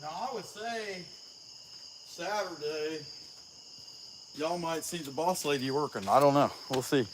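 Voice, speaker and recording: Out of breath while he works outdoors, a chainsaw carver from Southeast Ohio keeps up casual, joking livestream chat and reads off viewer names at his rural carving spot. His country Appalachian-style voice is fairly high and a little slow, with noise in the background.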